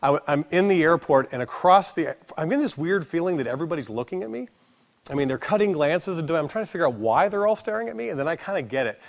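A middle-aged American man giving a conference keynote, telling stories in a lively way and acting out the people in them. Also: fairly high pitch. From United States. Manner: animated storyteller, acts out voices, laughs along. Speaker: keynote speaker. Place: conference hall stage.

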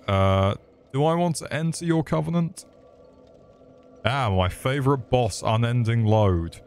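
A man's voice: fairly low pitch, a little mellow. A man giving crude, joking commentary over gameplay, swearing freely and mocking the enemies. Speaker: gaming video creator.

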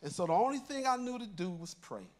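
Older male elder, high-pitched for a man, relaxed conversational sermon storyteller. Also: fast. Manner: conversational, storytelling, chuckles through lines. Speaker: church elder preaching. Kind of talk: sermon told as a personal story.

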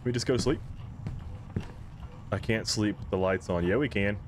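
A man's voice: fairly low pitch, moderate pace, noisy background. A man hosting a horror game playthrough, reacting with nervous exclamations and pleading. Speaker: gaming channel host.

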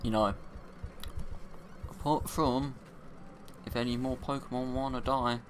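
Excitable young man narrating gameplay. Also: unhurried, slight background noise. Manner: excitable, cries out in high-pitched dismay at setbacks. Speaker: let's play gamer. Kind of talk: casual gameplay commentary.

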